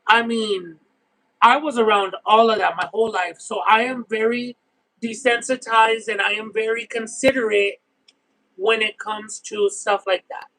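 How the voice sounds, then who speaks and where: A man chatting casually on a livestream, talkative and expressive, who swears now and then and keeps saying "you know what I mean.". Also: high voice, measured pace, poor audio. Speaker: streamer reading chat.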